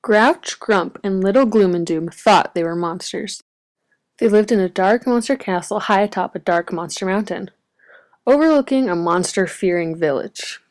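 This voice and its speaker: A woman reads a children's picture book aloud in a mid-range voice. Her storytelling is expressive and varied. She gives the story a gentle read-aloud lilt. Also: medium pitch, normal speed. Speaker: storybook reader.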